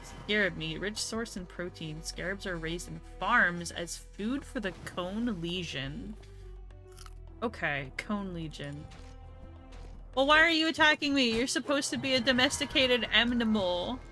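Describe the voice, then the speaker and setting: A woman's voice: mid-range voice, expressive, measured pace, pushed and bright, faint music behind. A young woman streaming a game, chatting casually with her audience, swearing freely and laughing often. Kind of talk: casual let's-play chat.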